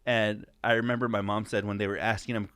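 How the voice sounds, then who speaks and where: A man's voice: fairly low pitch, flat delivery, fast, fairly bright tone, clear, resonant tone, dry recording, studio quality. A young adult man co-hosting a podcast, rambling through stories, laughing often and swearing freely. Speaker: podcast co-host. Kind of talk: casual profane chat.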